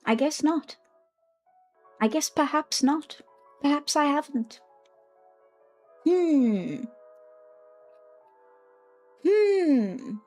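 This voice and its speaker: A woman's voice: sits high, very slow, pauses often, faint music behind. A young woman from South Africa with a South African accent, streaming and chatting playfully with her live chat. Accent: South African English. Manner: playful, animated, reacting to chat messages.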